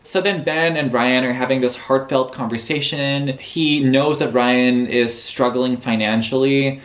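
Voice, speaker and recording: Young male book vlogger, mid-range voice, profane, animated sarcastic recap. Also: mid-range voice, a little slow, noisy background. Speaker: book reviewer. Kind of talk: casual book recap vlog.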